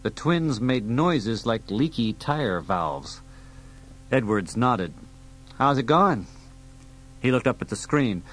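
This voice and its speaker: A man reading an audiobook aloud in a steady storytelling delivery. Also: medium pitch, slow pace, breathy edge, low-quality recording. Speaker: audiobook reader. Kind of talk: audiobook narration.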